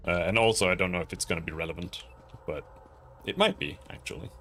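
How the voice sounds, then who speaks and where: A man's voice: deep voice, fast, fairly bright tone, a little hiss or hum. A man streaming a video game, giving casual commentary in a sarcastic, rambling way and often repeating words. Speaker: gaming streamer.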